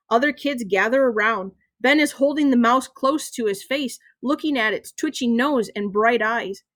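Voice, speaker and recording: A woman reading a children's novel aloud in a steady, expressive storytelling manner. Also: on the high side, normal speed, few pauses, no room sound, studio quality. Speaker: reader.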